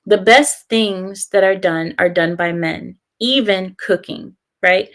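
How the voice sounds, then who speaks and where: A woman's voice: mid-range voice, slow, fairly bright tone. A young woman talks casually on a live stream, sharing her opinions with emphatic conviction. She reads viewer comments aloud and often laughs between her remarks. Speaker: live-stream host reading chat.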